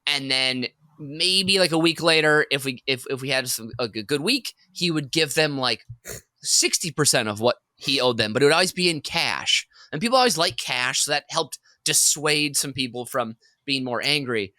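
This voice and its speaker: Animated, bright-voiced man telling a story. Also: mid-range voice, normal speed, no room sound. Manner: animated, rambling, laughs through his story. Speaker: podcast co-host. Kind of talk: comedic storytelling on a podcast.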